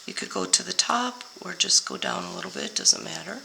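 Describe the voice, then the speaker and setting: An older woman with a hoarse voice, slowly explaining each step of a papercraft card tutorial while she works. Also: on the low side, background noise. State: hoarse, voice going out. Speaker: papercraft demonstrator.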